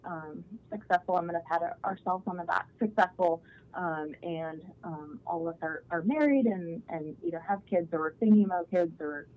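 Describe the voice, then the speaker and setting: A woman's voice: fairly low pitch, normal speed. A woman guest in a casual podcast chat, upbeat and enthusiastic, rambling a little with fillers. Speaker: guest, agriculture academic. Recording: dull lo-fi call audio.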